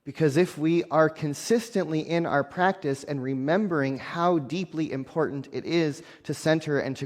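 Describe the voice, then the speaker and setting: A man's voice: a little high, in a large hall. A man preaching a sermon as a minister, earnest and building emphasis through repeated phrases.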